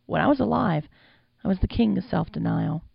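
A woman's voice: lowish voice, expressive, fairly quick, creaky, slightly rough, no room sound, dull audio. A woman reading an audiobook with wry, conversational storytelling. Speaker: audiobook narrator. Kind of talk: audiobook narration.

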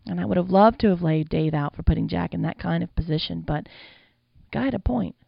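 A woman reading an audiobook in a wry, conversational way. Her voice is low and heavily gravelly. The recording is dry and a little muffled. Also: a little fast, no echo. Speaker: audiobook narrator. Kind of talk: audiobook narration.

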